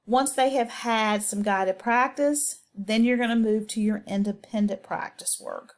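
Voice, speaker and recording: A woman's voice: a little high, steady tone, measured pace. A woman teacher giving a patient, step-by-step instructional voice-over on reading skills, with occasional ums.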